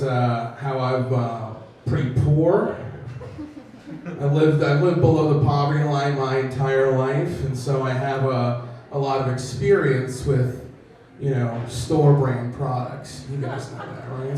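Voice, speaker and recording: A man's voice: medium pitch, darkish tone, recorded from a distance, slight background noise. A man doing a stand-up comedy set, self-deprecating and acting out characters in voices, recorded in an echoey room from off the mic.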